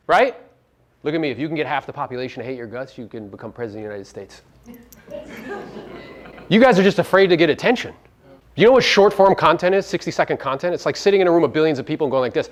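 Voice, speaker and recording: A man's voice: a little high, expressive, fast talker. A man giving a live motivational seminar talk to real estate agents, brash and profane, firing rhetorical questions at the audience.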